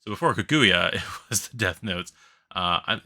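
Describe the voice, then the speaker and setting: Low, sharp-toned rambling man. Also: lively intonation, moderate pace. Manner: rambling, self-correcting, laughs at his own slips. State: sleepy. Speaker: board game channel host. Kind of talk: casual solo commentary on a crowdfunding campaign.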